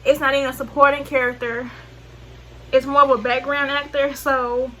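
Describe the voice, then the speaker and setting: A beauty vlogger with a Southern US accent chats her way through a makeup tutorial, rambling, using lots of slang, correcting herself and losing track mid-sentence. Her voice is high, pushed and bright, and the rough recording has a little hiss or hum.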